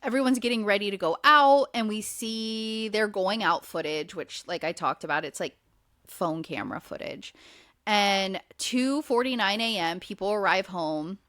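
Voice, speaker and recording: A woman with a medium-pitched, fairly bright voice recaps a reality show on her podcast at a moderate pace. The chat is loose and casual, full of fillers, with the odd swear word thrown in freely.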